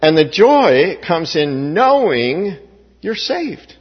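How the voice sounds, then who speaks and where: A man's voice: on the high side, very animated, slow pace, breathy edge. A man preaching a sermon as pastor, with emphatic rising stresses and frequent restarts. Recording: dull, echoey hall recording.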